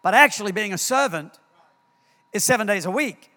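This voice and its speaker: A man preaching a sermon in a church, telling stories in an animated way and repeating words as he acts scenes out. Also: sits high, normal speed. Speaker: pastor. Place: church hall. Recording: long hall reverb.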